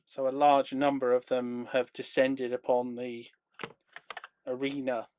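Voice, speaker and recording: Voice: medium pitch, flat delivery, measured pace, darkish tone, dull audio, a little hiss or hum. A game master narrating a live-streamed tabletop game with dramatic description, on a streaming microphone.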